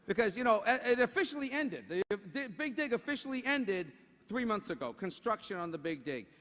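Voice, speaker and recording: Brief: man, high bright voice, roast comic working the room with quick asides, big hall reverb. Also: very animated. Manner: joking, rhetorical asides to the crowd. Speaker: roast speaker. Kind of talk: roast comedy routine.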